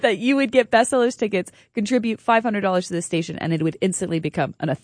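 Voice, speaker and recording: A woman's voice: medium pitch, fast talker, darkish tone, no echo, clean studio sound. A woman co-hosting a radio pledge drive, friendly and persuasive, often laughing. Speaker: radio station fundraising co-host. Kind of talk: on-air fundraising chat. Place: radio studio. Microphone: studio microphone.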